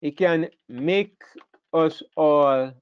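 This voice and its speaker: A man's voice: fairly high pitch, extremely slow, clear, resonant tone, no echo, muffled recording. An older man teaches a Bible class in an earnest way, often repeating words as he thinks.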